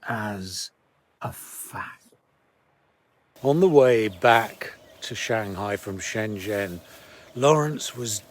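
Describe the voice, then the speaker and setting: Slow, husky-voiced man telling a story. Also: medium pitch, dry recording. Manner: measured, trailing off softly at phrase ends. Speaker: sales coach. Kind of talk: reflective storytelling talk.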